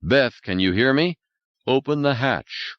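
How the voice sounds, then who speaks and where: A man's voice: mid-range voice, animated, unhurried, no echo, muffled recording, voice pushed up, close to an everyday voice. A man voicing a tense male psychologist, speaking urgently and insistently.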